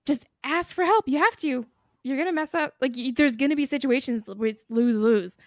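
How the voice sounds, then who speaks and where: Animated, swearing woman host, dry sound. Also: high-pitched, a little fast, dry recording. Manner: animated, swears freely, laughs through the story. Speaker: podcast host. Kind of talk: casual storytelling chat.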